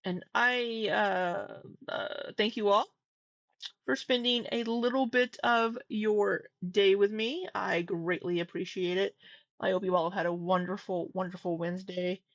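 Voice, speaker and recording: A woman's voice: medium pitch, steady tone, measured pace, no echo, highs cut off. A woman hosting a casual livestream, talking candidly, swearing now and then and getting exasperated. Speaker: livestream commentary host.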